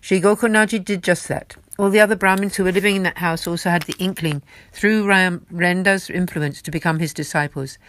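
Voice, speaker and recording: Woman slowly reading devotional stories. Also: fairly low pitch, fairly even intonation, a bit bright, dry recording. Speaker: devotional story reader.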